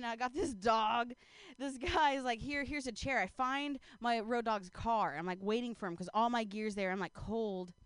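A woman's voice: fairly high pitch, clear, resonant tone, no room sound. A young woman comedian telling a rambling stand-up story on stage, full of fillers, laughing at her own jokes into a handheld mic.

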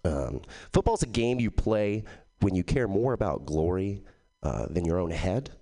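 A man from Texas doing a stand-up set at an open mic, with a loose, halting delivery full of ums. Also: low-pitched, very animated, mellow. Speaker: stand-up comedian.

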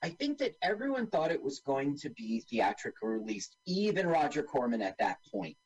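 This podcast co-host sounds animated and playful, cracking jokes and describing the on-screen action during a casual film-watching chat. He has a husky, medium-pitched voice at normal speed, captured in a low-quality recording.

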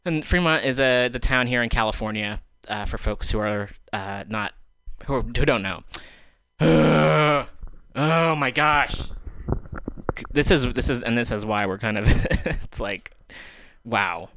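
A man's voice: medium pitch, measured pace, fairly bright tone, smooth, no room sound. A male radio host giving solo commentary in a studio, exasperated and sarcastic, swearing as he vents, speaking into a handheld microphone. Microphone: handheld microphone taken off the stand.

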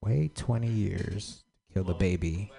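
A man's voice: low voice, takes it slowly, gravelly. Stammering man pleading with a comedy crowd. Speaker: stand-up comedian. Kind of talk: open mic stand-up and crowd work.

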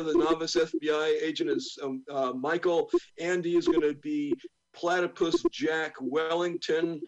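Halting higher-voiced male host. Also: lo-fi sound. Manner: halting, many fillers and restarts. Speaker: host and narrator of a script read. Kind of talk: casual chat and stage-direction narration.

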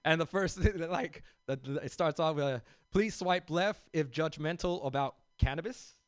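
A man from South Central Los Angeles performs a stand-up set in a loose, rambling style, full of fillers and asides to the crowd. His voice sits a bit high and sounds smooth and clear. The sound is dry and close, with no room echo. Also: moderate pace. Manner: loose, conversational, addresses the crowd as "y'all"; rambling with many fillers and restarts. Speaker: stand-up comedian.

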